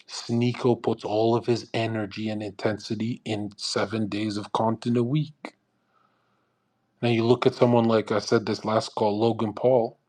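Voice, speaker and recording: A man's voice: medium pitch, darkish tone. Male host, brash motivational lecturer on a live audio chat; profane and repetitive. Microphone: online audio call.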